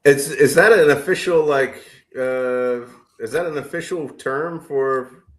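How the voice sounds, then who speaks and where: A man's voice: medium pitch, unhurried, a bit bright. A middle-aged man co-hosting a casual podcast chat, rambling with lots of fillers and restarts. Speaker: podcast co-host.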